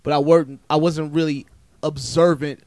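A man's voice: fairly high pitch, steady tone, moderate pace, darkish tone, dry recording, clean studio sound. Emphatic, profane man in casual talk. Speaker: comedian podcast co-host. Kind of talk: casual podcast chat.

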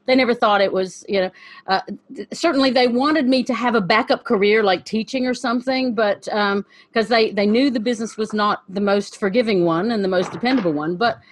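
A woman, a singer, chatting about her childhood with frequent laughter. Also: a little high. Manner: warm, amused, laughs often. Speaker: panel guest, singer. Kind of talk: casual conversation.

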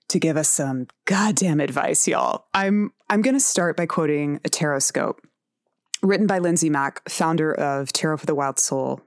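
A woman's voice: deep voice, no echo, studio quality. A woman in her forties hosting a personal tarot podcast, talking frankly and candidly, with swearing and laughs. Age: 40s. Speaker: podcast host.

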